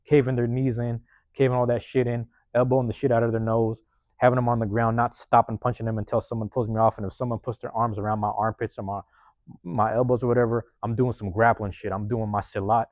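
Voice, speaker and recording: Fast-talking profane man telling a story. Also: mid-range voice, dry recording. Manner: profane, rapid, animated retelling with acted-out quotes. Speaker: podcast host. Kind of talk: casual storytelling monologue.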